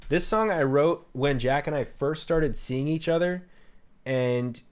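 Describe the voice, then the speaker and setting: Unhurried and a little high-voiced, a young streamer and musician talks casually about songs he wrote. It's candid, rambling livestream chat with plenty of free swearing.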